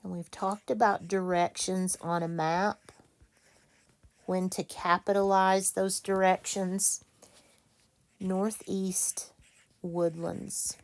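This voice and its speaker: Woman, teacher, slow patient delivery, low voice with a gravelly edge. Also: little pitch movement. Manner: slow, patient, self-correcting. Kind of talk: classroom reading lesson.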